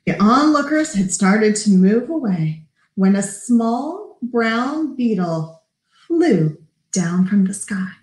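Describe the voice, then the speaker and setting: A librarian reading a picture book aloud to children with lively character voices, stopping to chat with her listeners. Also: mid-range voice. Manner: animated, does character voices, pauses to talk to kids. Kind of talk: storybook read-aloud. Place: library room. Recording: echoey room.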